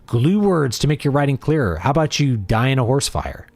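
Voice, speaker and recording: Opinionated man with a lively voice. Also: mid-range voice, brisk, vocal fry, no echo. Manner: opinionated, blunt, playful. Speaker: livestream host and writer. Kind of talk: casual livestream talk.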